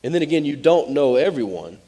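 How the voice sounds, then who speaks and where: A man's voice: fairly high pitch, big pitch swings, a little fast, dark tone, husky. A man, preaching a sermon as pastor in a direct, conversational way. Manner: direct, conversational, Southern-tinged "y'all" asides.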